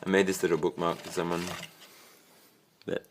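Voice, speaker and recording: A man's voice: sits low, flat delivery, normal speed, a little hiss or hum. A young Australian man giving a casual, rambling tour of his bedroom, swearing freely and trailing off into fillers. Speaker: vlogger. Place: own bedroom.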